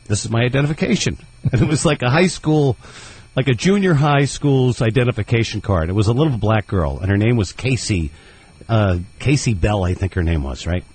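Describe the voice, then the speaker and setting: A man's voice: fairly low pitch, a little mellow, slightly rough, low-quality recording. A man, a comedian guest, telling a rambling, self-deprecating story on a radio show and laughing at his own jokes. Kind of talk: casual radio interview storytelling.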